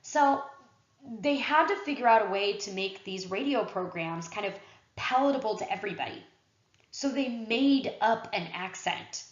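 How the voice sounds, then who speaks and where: Woman history teacher, casual classroom lecture delivery with fillers, roomy echo, slightly dull sound. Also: medium pitch.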